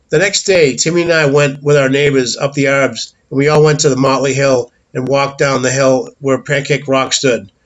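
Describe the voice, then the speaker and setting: A man's voice: mid-range voice, low-quality recording. Blunt man telling a story. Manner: candid and blunt, with swearing and small stumbles. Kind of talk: casual personal storytelling.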